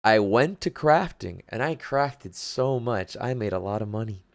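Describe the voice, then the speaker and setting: Lively rambling man telling a story. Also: mid-range voice, moderate pace. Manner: rambling, lively, stumbles and restarts. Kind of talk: casual storytelling chat.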